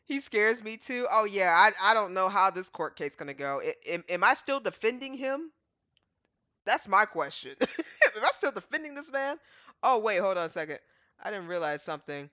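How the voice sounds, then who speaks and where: A woman's voice: medium pitch, animated, moderate pace, pushed and bright, no room sound, muffled recording. A woman streaming a game, joking and rambling in casual commentary, with game music playing behind her. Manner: joking, rambling, laughing asides.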